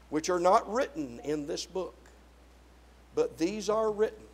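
A man with a notably high voice delivers a sermon. He leans hard on single words and draws them out. He climbs to loud peaks, then sinks back to low, quiet asides. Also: animated. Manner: drawn-out stresses on single words. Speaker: preacher.

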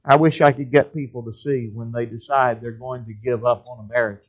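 A man's voice: mid-range voice, fairly even intonation, a little fast, muffled recording. A man preaching a sermon and reading scripture aloud in an old-fashioned cadence.

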